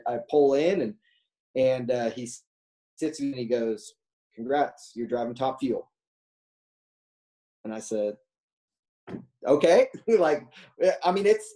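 Mellow-voiced man telling a rambling story. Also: fairly high pitch, low-quality recording. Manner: rambling, many fillers, acts out quoted dialogue. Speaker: guest telling a racing story. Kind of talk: casual storytelling.

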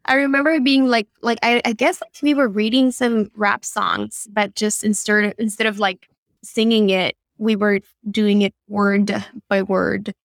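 A young adult woman from Argentina with an Argentine Spanish accent, a guest telling animated stories in an interview. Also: medium pitch, measured pace, no echo, clean studio sound. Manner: animated storyteller, laughs often. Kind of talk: conversational interview.

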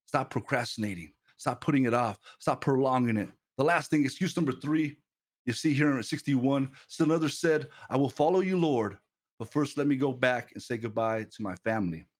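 A man in his thirties gives a casual livestream sermon, animated and quick to laugh. His voice sits a little high for a man and climbs when he urges his listeners on. He stumbles and repeats words as he goes. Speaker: streamer preacher. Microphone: headset mic.

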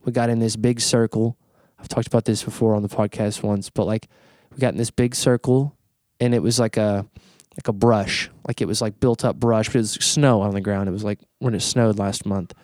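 A man hosting a casual podcast conversation, telling an animated story, swearing freely and stumbling over repeated words as he talks. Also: fairly low pitch, brisk, dry recording, studio quality. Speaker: podcast host.

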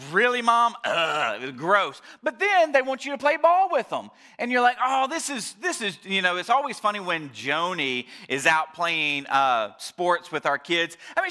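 Male pastor, high and bright, talking through a sermon with loose storytelling and frequent restarts. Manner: drops to a soft, quiet tone. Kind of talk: Mother's Day sermon. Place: church service, also streamed online.

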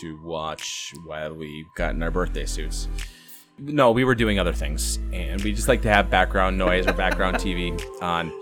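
A man co-hosting a casual podcast chat, relaxed and chuckling. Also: sits low, moderate pace, faint music behind. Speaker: podcast co-host.

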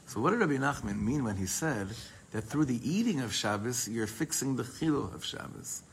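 Man, Torah class teacher, lively, reads Hebrew then explains in English, light background noise. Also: medium pitch, normal speed, low-quality recording. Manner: animated, mixes Hebrew readings with English explanation.

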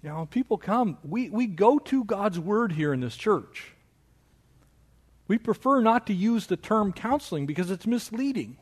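A man preaching a sermon as pastor of his church, with animated delivery that mocks objections in a raised voice. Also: a little slow, husky. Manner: animated preaching, mocking quoted objections in a higher voice.

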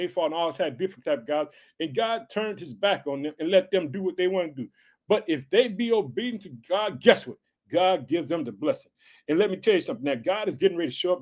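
An excited male preacher delivers a podcast sermon at a rapid clip. His voice sits high for a man, and he keeps circling back to the same catchphrases as he reads scripture aloud.

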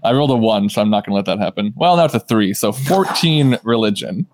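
A man playing in a tabletop role-playing game, talking quickly and getting excitable. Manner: quick, excitable, rising pitch when flustered. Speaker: player. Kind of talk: tabletop role-play chat.

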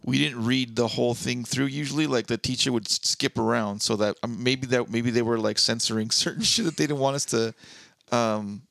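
Gravelly-voiced man hosting a podcast. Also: mid-range voice, a bit bright, dry recording. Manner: reads aloud from notes, bursts of quick asides. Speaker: podcast co-host. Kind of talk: casual comedy podcast chat. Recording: dry close-miked podcast audio.

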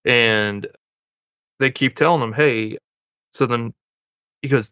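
A man's voice: medium pitch, normal speed, long pauses, pushed and bright, no echo. A man co-hosting a podcast, casually retelling a movie plot and acting out the characters' lines in passing. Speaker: podcast co-host. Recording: dull lo-fi dry sound.

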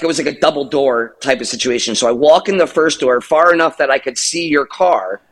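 A man's voice: a little high, fairly bright tone. A middle-aged man co-hosting a podcast, telling a rambling, profane story with laughs. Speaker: podcast co-host. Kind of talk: casual storytelling.

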